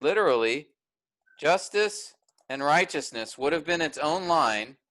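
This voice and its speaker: A man's voice: a little high, animated, a little slow, fairly bright tone, poor audio. A man teaching a workshop, explaining step by step and often checking in with "all right?".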